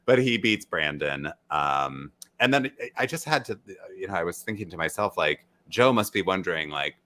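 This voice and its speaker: Lively bright-voiced man recapping TV. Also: moderate pace. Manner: animated, jumps into high mocking voices when quoting people. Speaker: co-host of a reality TV recap show. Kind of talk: casual recap chat.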